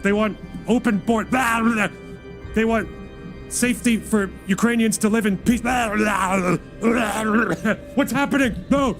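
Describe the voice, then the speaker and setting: A man's voice: high voice, measured pace, a bit bright, soft background music, voice pushed up. A man putting on a parody of an indignant, doom-preaching political pundit who trips over his own talking points. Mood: flustered ranting.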